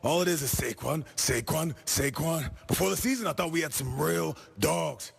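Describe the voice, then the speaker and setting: A man doing a comic impression of a rapper calling in to a radio show, with a raspy voice, half rapping and barking his lines. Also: a little high, moderate pace, slight background noise. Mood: brash. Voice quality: gravelly, raspy. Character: gravelly male rapper caller impression, brash. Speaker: caller.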